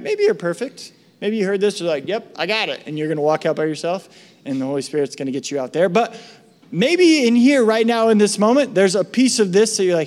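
A man preaching a sermon as pastor, animated, acting out the voices he quotes. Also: high-pitched. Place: church hall. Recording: long reverb of a large hall.

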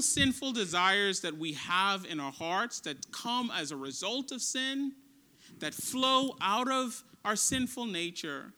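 Brief: male pastor, high and sharp-toned, earnest conversational sermon. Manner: earnest, emphatic, conversational preaching.

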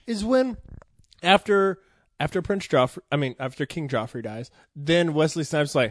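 A man's voice: on the high side, animated, moderate pace, no room sound. Blunt, swearing man in a dry room. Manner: blunt, swears, acts out quotes. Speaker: podcast co-host. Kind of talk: casual movie chat.

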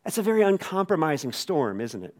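A man preaching a sermon in a casual, conversational way. He acts out the quoted lines with lively voices. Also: a little high, brisk. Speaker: pastor.

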